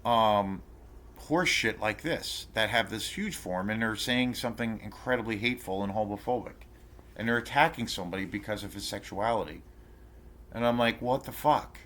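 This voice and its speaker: Low-voiced man ranting, profane and rambling. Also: moderate pace, fairly bright tone. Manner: rambling, profane storytelling full of fillers and restarts; indignant, outraged. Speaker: channel host ranting to camera. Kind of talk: casual rant vlog.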